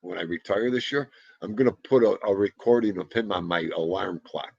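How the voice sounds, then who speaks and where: This livestream host is a man in his fifties whose low-pitched voice is brisk, darkish, slightly rough, and touched with vocal fry. He greets each viewer in turn and jokes around, heard through dull lo-fi audio without echo.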